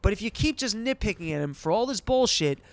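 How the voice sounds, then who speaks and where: A man's voice: sits high, expressive, quick pace, dry recording. A man hosting a podcast, ranting and swearing in casual chat. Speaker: podcast host.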